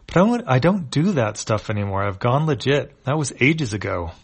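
A man's voice: mid-range voice, very animated, normal speed, breathy edge, pitched above the performer's own voice. A man reading a nervous, evasive space thief. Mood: defensive. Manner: read aloud from comic panels.

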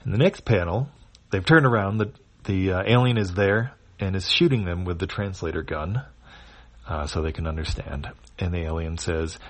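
Very low-voiced man describing comics. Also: no room sound. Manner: unhurried and plainly descriptive. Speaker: comic reader describing panels. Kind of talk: descriptive read-aloud.

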